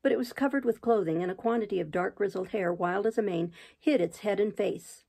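A woman reads a classic novel aloud in a plain, homespun way. Her voice has a noticeable creak and fry running through it. Now and then she trips over a phrase and starts it again. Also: medium pitch, fairly quick, a little mellow. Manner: unpolished reading with occasional restarts. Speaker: audiobook reader.

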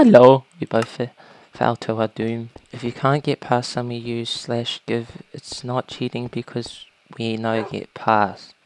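A woman casually commentating a video game, talking to creatures and breaking into panicked shouts. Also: very deep voice, flat delivery, unhurried, no echo. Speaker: gaming YouTuber.

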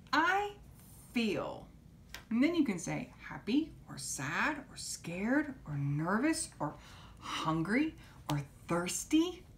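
A woman teaching young children, gently coaxing them to repeat simple phrases after her. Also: medium pitch, slight background noise. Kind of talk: children's lesson.

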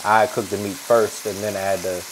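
A man's voice: lowish voice, level tone, moderate pace, noisy background. A man hosting a cooking competition, chatting casually and quizzing the cooks with jokes. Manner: joking, asks contestants questions. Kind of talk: casual chat.

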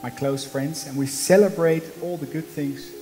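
A man's voice: fairly high pitch, fairly even intonation, normal speed, mellow, big-room sound, faint music behind, rough recording. Dutch man giving an earnest talk. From Netherlands. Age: 30s. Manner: earnest, emphatic, storytelling with small slips in English. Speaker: conference speaker. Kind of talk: motivational talk. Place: conference hall.

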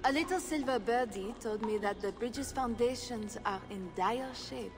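A woman's voice: fairly high pitch, normal speed, close to an everyday voice. An actress voicing a sly, teasing woman smuggler and bard in video game dialogue. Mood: coy. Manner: playful, evasive, teasing. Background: game music.

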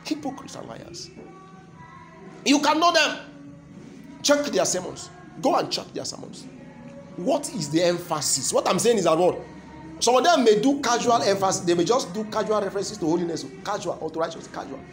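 A Nigerian-accented man preaches with a fairly high-pitched voice, throwing questions to the congregation so they finish his lines. He repeats his main points for weight. Soft music plays underneath. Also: animated, brisk. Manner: call-and-response, keeps asking the crowd "what?" to complete his lines; emphatic, repeating key phrases. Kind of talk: sermon.

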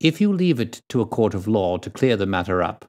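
A calm, kindly detective speaks in a measured, quiet way, as a man plays him. His voice is low and soft. It suits a storybook reading. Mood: reassuring.

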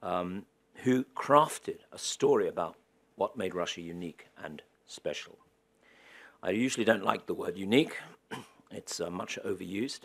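A man's voice: sits low, animated, moderate pace, vocal fry, a bit bright. A man giving a public lecture in a wry, anecdotal way with dry humor. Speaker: guest lecturer.

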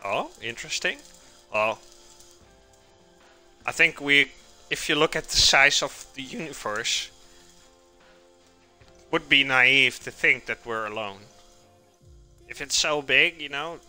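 A man's voice: mid-range voice, slow, long pauses, bright, forceful tone, soft background music. A man streaming live from his home kitchen, chatting casually and answering viewer chat while he cooks.

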